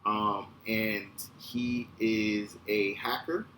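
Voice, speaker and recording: A man in his thirties hosting a podcast, telling a casual, animated, profane story. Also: fairly low pitch, extremely slow. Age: 30s. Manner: animated, profane, acts out quotes. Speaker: podcast host. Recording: echoey room with faint ambient noise.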